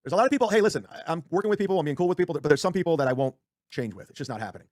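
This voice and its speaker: A man's voice: on the high side, lively intonation, rapid-fire, darkish tone, no echo. A man ranting casually on a livestream, rambling, swearing often and restarting his sentences. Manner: rambling, profane, self-interrupting.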